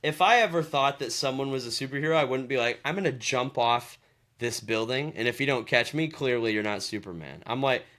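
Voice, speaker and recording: A young man co-hosting a casual movie chat, animated and laughing often as he acts out lines from scenes. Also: mid-range voice, brisk. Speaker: podcast co-host.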